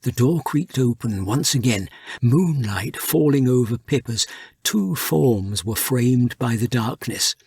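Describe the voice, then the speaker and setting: Husky unhurried male audiobook narrator. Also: mid-range voice, no echo, clean studio sound. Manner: lively, unhurried reading. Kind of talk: scripted storybook narration.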